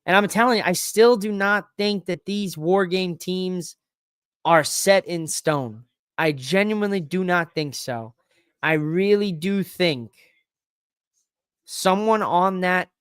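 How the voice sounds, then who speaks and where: A man hosting a podcast alone, talking in an excitable, rambling way that swears freely. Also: sits high, clean tone, dry recording, clean studio sound. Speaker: podcast host. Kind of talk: casual solo wrestling recap.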